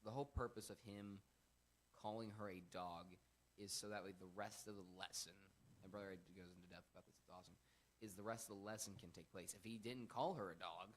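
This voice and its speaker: Low-voiced young man teaching Bible. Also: fairly quick, slight background noise. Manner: earnest, emphatic, slips into animated quoting. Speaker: Bible lesson host. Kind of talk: casual Bible teaching chat.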